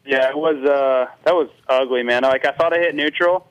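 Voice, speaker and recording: A laid-back man from Florida talks about racing in easygoing slang. His voice sits in a middle pitch, and the sound is dry and close. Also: moderate pace, fairly bright tone, no room sound, dull audio. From Florida, USA. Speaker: guest racer. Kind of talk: casual interview chat.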